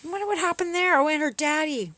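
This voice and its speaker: Talking fast in a high, pushed, bright voice, a Canadian livestream host fires back at commenters. She's animated, profane and mocking as she argues with them, and there is no echo.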